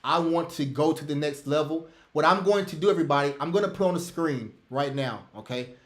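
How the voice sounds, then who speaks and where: A man leads a live online trading class, his voice pitched high and bouncing between loud emphasis and soft asides. He repeats himself and keeps addressing everybody. The sound is roomy and echoey, like a home setup on a video call. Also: fairly quick. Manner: emphatic, rants loudly then drops to soft asides. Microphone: computer mic on a video call.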